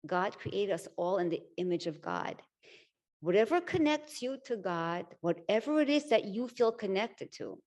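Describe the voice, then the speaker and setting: A woman judge giving an inspirational speech from a podium, telling stories in an emphatic, animated way. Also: medium pitch. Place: symposium stage at a podium.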